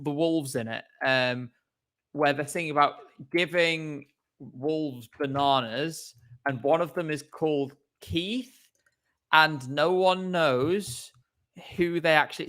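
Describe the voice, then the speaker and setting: A man's voice: a little high, fairly bright tone. A man co-hosting a casual podcast chat over a video call, rambling and hesitant with many fillers. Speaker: co-host.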